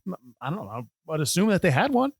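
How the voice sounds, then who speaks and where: A man co-hosting a casual film podcast, rattling along at a quick clip. He rambles and restarts his sentences as he gets going. The sound is dry and close, with no room. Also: sits high, no echo. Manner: fast, animated, rambly with restarts. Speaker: podcast co-host. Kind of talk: casual chat.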